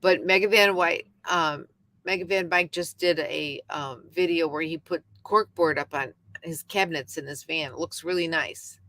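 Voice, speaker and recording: A woman's voice: deep voice, normal speed, a bit bright. A middle-aged woman hosting a casual livestream from home, rambling and chatting with viewers by name. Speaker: YouTube livestream host. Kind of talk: casual live chat with viewers.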